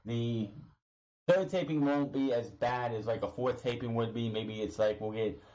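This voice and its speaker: Male reviewer, casual talk, mid pitch, rambling retelling. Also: normal speed, mellow, muffled recording. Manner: rambling, retells promos with quoted lines. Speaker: wrestling show reviewer. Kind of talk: casual recap commentary.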